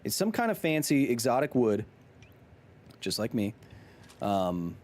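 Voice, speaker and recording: Animated man chatting while gaming. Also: mid-range voice, a little slow, slight background noise. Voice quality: animated, jokey, talks to chat. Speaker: gaming streamer. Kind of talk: casual live-stream chatter.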